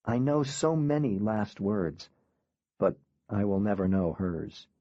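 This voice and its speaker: Male audiobook narrator, low voice, husky, grave and measured, dull dry recording. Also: lively intonation, dark tone, no echo. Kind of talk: first-person audiobook narration.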